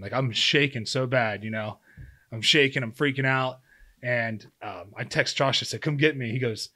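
At normal speed and in a mid-range, slightly bright voice, a man in his thirties shares a story as a podcast guest. The former pro football player, now a hunter, keeps it casual, acting out his quotes and using many fillers.

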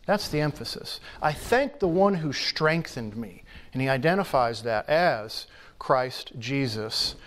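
A pastor delivers a sermon in church, teaching earnestly and emphatically with measured pauses. His male voice sits on the high side.

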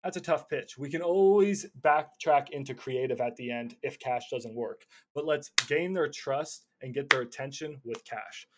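A man teaching cold calling in a casual, energetic way, often stumbling over and repeating words. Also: medium pitch, normal speed, hardly any pauses, heavy background noise. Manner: energetic, stumbling repeats, slips into acted phone calls. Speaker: real estate investor teaching cold calling. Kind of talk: casual instructional talk.

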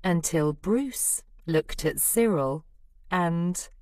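A woman reads a rhyming children's storybook aloud, unhurried and very slow, her pitch leaping up and down as she dramatizes each line. The sound is close and dry, with no room around it. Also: no room sound. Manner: lively, expressive rhyming narration. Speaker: storybook reader.

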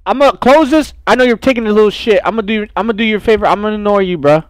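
A young man streaming a horror game, loud, profane and jumpy, talking to his chat and to the game characters. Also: high voice, fast talker, no echo. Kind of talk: horror game playthrough commentary.

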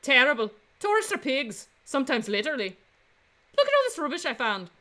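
A woman's voice: sits high, very animated, brisk, pushed and bright, pitched above the performer's own voice, full character voice. A woman voicing a pompous, grumpy male bird photographer, reading game dialogue on a stream. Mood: disgusted. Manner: haughty and indignant, scornful complaints.

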